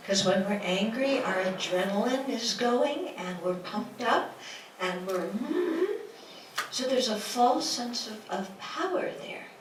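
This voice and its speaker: With a slightly high, expressive voice at a slow pace, a woman teaches the dharma in a lecture room. She's a Buddhist teacher who quizzes the audience with rhetorical questions and dramatizes quotes in a playful way. The audio was taken from a distance in an echoey room with noise.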